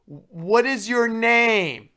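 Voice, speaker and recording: A man mimicking a shrill, frantic female dorm advisor. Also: animated, drawn-out words, sharp tone, full character voice. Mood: demanding. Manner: shrill, insistent, repeating herself. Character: frantic fussy female college resident advisor.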